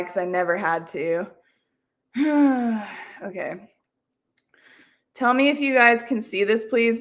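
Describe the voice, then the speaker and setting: A woman hosting a casual livestream, rambling and chatty, laughing often and poking fun at herself. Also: medium pitch. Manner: self-deprecating. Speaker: livestream host. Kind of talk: casual chat.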